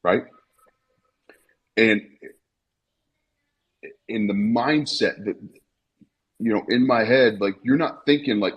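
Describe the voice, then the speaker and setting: A man in his thirties with a low, husky voice talks bluntly over a live online call, swearing freely and circling back over his own words. The audio is dull and lo-fi. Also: takes it slowly, long pauses. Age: 30s. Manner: blunt and profane, repeats himself. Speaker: Twitter Spaces speaker. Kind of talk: emotional personal talk.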